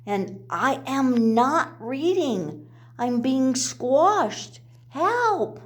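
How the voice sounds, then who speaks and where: A woman's voice: high-pitched, very animated, drawn-out words, exaggerated voice. Baby Owl, a whiny little owlet, as a woman reads him. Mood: protesting. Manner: whiny, complaining. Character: small young male owl, easily upset.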